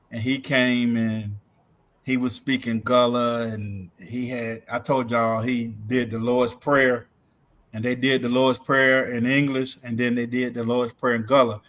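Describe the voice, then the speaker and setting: A middle-aged man co-hosting a casual livestream, telling animated stories from home, laughing often and acting out quotes. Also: medium pitch. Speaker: livestream co-host. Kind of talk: casual chat.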